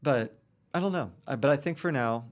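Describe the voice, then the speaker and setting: A man of about 40, appearing as a podcast guest, is a real estate broker who talks casually in a medium-pitched voice at normal speed. He rambles, with many fillers and restarts.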